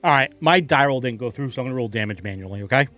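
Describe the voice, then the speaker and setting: A man narrating a tabletop game as game master, animated and quick to laugh. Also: mid-range voice, faint music behind.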